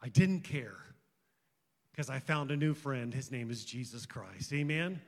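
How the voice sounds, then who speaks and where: A man's voice: medium pitch, lively intonation, measured pace. A man preaching as a pastor, emotional and pleading as he leads the congregation in a prayer of salvation. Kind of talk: sermon with altar call prayer. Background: loud country guitar music.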